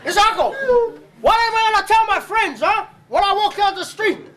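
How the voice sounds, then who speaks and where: Man doing a shrill bullying dad. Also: lively intonation, moderate pace, sharp tone, a little hiss or hum, full character voice. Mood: hectoring. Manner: scolding, bullying, repeats "huh?" constantly. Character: stern shouting Samoan father, village chief. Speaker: comic stage actor. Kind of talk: live comedy skit.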